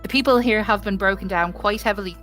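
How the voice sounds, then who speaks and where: A woman's voice: mid-range voice, fast, a bit bright, close to an everyday voice. A proud noblewoman presses her point with formal politeness, as a woman acts her out in a tabletop game. Her voice sits in the middle range, with faint music behind. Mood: insistent.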